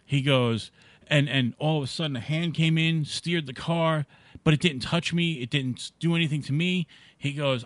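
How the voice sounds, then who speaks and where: A man's voice: medium pitch, no echo. Guy on a podcast mic w/ foam windscreen, telling a ghost story, laughing a lot, kinda tipsy, dry sound. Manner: chatty, laughing, drawn-out storytelling. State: drinking beer. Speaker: podcast co-host. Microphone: studio mic with foam windscreen.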